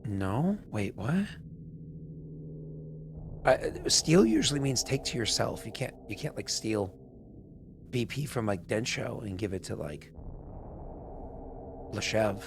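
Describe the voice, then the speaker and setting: A man's voice: lowish voice, slow, pauses often, noisy background. A man with a New England accent, hosting a live tabletop stream in casual chat and acting out quotes as he tells stories. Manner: animated storyteller, swears, acts out quotes. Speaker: game master and stream host.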